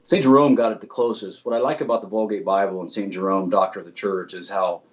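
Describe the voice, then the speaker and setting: A man's voice: fairly low pitch, steady tone, fast talker. Man explaining theology, earnest, keeps restarting words, kinda dull lo-fi audio. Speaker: guest theologian.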